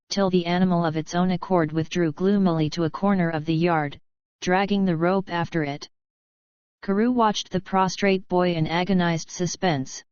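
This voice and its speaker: A woman narrating an audiobook in a steady, even reading. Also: fairly low pitch, smooth, no room sound. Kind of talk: scripted narration. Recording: dry, slightly dull studio read.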